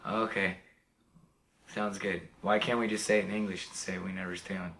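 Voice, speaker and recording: A man who has lost his voice, hoarse, adding dry short quips to a podcast chat. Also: low voice, level tone, brisk, fairly bright tone, slight background noise. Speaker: podcast co-host. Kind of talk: casual chat.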